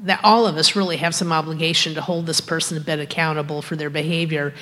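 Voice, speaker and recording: A woman's voice: low-pitched, fairly even intonation, quick pace, a bit bright. A woman sharing thoughts in a group discussion, searching for words as she goes. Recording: long hall reverb.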